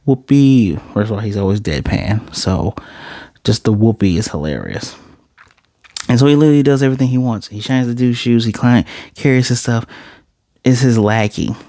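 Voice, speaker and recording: A man reviewing an anime episode, recapping the plot in a casual, animated way. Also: on the low side, normal speed, dry recording, clean studio sound. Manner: animated, chatty storytelling.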